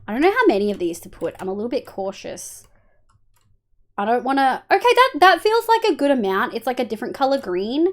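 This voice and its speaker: A young Australian woman streaming live, chatting candidly and thinking aloud while she plays, with casual swearing and fond scolding of her cat. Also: fairly high pitch.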